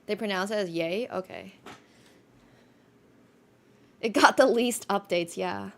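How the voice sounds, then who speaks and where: Young woman streamer, gravelly edge, loose rambling chat with fillers. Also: mid-range voice, slow. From Finland. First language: Finnish. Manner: chatty, rambling, many restarts and fillers. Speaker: chess streamer.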